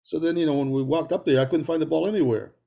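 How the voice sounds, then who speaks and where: A middle-aged man chats as a podcast co-host, rambling through anecdotes. His voice is gravelly and husky and sits a little high for a man. The sound is dull and lo-fi. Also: quick pace. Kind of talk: casual chat.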